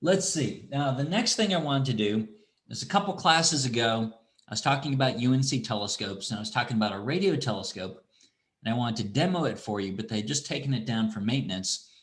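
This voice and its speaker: A middle-aged man teaching an online astronomy class, talking in a relaxed, rambling way with restarts and asides. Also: mid-range voice, fairly quick. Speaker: university astronomy instructor. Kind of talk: online lecture with screen demo.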